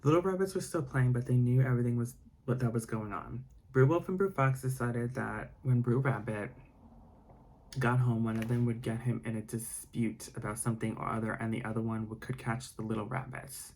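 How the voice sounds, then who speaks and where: A man reading a bedtime story aloud in ASMR style, with soft, rambling asides. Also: medium pitch, a little fast, slight background noise.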